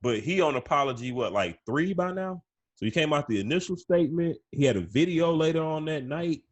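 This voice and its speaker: A man's voice: on the high side, animated, a little fast, no echo. A man co-hosting a sports podcast in casual chat, stumbling and repeating words, often saying "you know what I'm saying". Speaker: podcast co-host.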